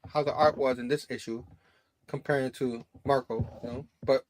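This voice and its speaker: A man's voice: medium pitch, steady tone, moderate pace, slight background noise. A man co-hosting a casual comic book chat, talking loosely with lots of fillers. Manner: loose and chatty, full of fillers. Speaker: co-host.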